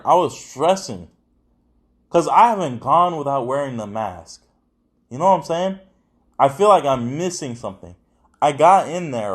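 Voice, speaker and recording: A young adult man hosting a podcast, talking in casual, rambling chat full of slang and swearing. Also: mid-range voice. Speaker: podcast host.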